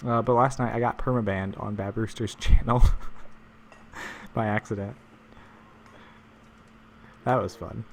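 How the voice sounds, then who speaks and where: A man's voice: on the low side, steady tone, a little slow, gravelly, pauses often, slight background noise. A man live-streaming a game, chatting casually with viewers, joking and rambling with frequent chuckles.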